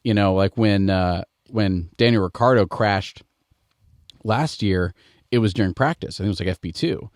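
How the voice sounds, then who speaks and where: Brief: middle-aged American podcast host with a lowish voice, relaxed and digressive. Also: male voice, moderate pace, no room sound, clean studio sound. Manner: rambling, digressive. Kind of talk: casual chat.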